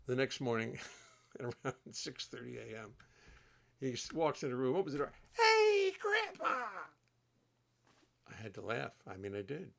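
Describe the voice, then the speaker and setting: This is an older man hosting a relaxed livestream from his home studio. His voice has a gravelly, fry-edged texture, and he rambles warmly from one story to the next. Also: medium pitch, normal speed. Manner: rambling, chatty, warm-hearted storytelling. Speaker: host and bassist. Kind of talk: casual livestream chat.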